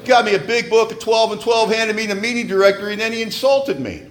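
A man sharing his story at a recovery meeting, animated and joking in a wry way. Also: high voice, fast.

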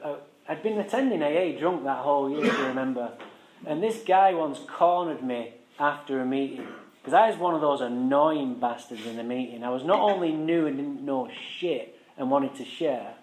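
A man's voice: mid-range voice, a little mellow, echoey room, slight background noise, low-quality recording. A man frankly telling his recovery story to a live audience, swearing and joking wryly. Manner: frank, profane, wry, conversational.

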